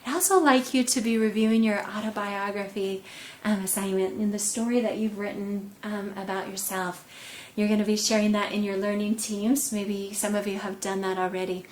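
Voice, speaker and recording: A woman teacher talks students through their tasks in a relaxed, casual way, with a few "um"s along the way. Her voice echoes in a room with a faint hum of noise. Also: medium pitch, normal speed. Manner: relaxed, with frequent "um"s. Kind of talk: casual classroom instructions.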